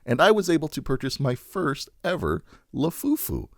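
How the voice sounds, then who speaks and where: A man's voice: a little high, wildly swooping pitch, moderate pace, vocal fry, no room sound, clean studio sound. A man co-hosting a podcast in casual chat, rambling and laughing often. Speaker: podcast co-host.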